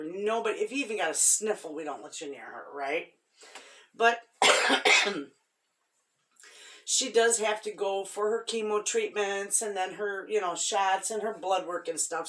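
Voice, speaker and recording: A middle-aged woman, chatting to her viewers in a halting, somber way with many restarts. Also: medium pitch, fairly bright tone, far from the mic. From Michigan. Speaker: homestead vlogger. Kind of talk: casual chat to viewers.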